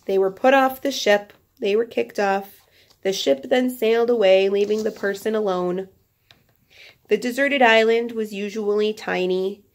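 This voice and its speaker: A woman's voice: fairly high pitch, steady tone, unhurried, gravelly, a little mellow. A woman teacher reading a children's nonfiction book aloud to her class, breaking off for chatty, playful asides.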